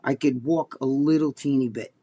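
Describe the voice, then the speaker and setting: A man's voice: medium pitch, fairly even intonation, normal speed, mellow. A man co-hosting a casual chat show, telling a long, rambling story full of swearing. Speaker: co-host.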